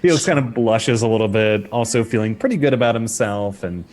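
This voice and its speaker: A man's voice: fairly low pitch, a little fast, darkish tone. A man describing his character's actions in a tabletop game, rambling with many fillers. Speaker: player. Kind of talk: casual tabletop game talk.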